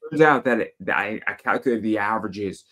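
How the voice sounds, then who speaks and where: A man hosts a casual podcast chat, his voice sitting on the low side. He tells stories bluntly, swears freely and gets animated about small grievances. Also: fairly quick. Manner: blunt, profane, animated storytelling. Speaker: podcast host.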